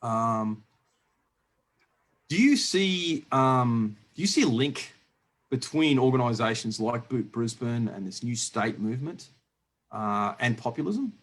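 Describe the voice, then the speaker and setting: A man hosting a casual podcast chat, rambling with lots of restarts and quick laughs. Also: mid-range voice, expressive. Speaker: podcast host. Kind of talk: casual conversational interview.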